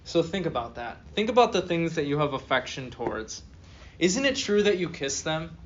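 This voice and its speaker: A man's voice: a little high, big pitch swings, moderate pace, highs cut off. A male philosophy professor giving a classroom lecture, reading a text aloud and then joking with students and asking them questions. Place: university classroom.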